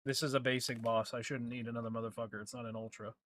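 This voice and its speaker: A man's voice: mid-range voice, flat delivery, fast, a bit bright. A man streaming a game, chatting casually and trading crude, joking banter with his chat.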